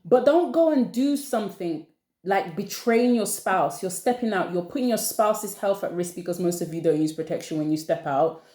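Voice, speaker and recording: A woman's voice: mid-range voice, normal speed. Exasperated young woman ranting. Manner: exasperated, animated ranting with laughs. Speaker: channel host. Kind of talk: casual opinion chat. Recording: echoey room.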